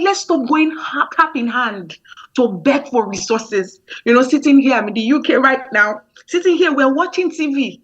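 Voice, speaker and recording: A woman's voice: sits high, a bit bright, highs cut off. A woman giving an impassioned motivational talk over a remote link, often repeating words. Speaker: speaker.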